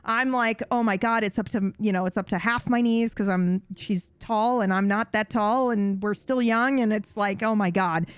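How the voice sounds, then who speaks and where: A young woman telling a story in a casual, animated way, swearing and acting out voices. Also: moderate pace, few pauses, clear, resonant tone, dry recording. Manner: animated, swearing, acts out voices with high yelps. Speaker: streamer.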